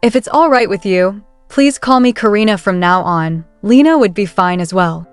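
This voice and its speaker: A woman voicing a gentle, self-effacing young noble lady in a recap story, read softly and plainly. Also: mid-range voice, animated, moderate pace, clean tone, dry recording, soft background music, close to an everyday voice. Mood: earnest.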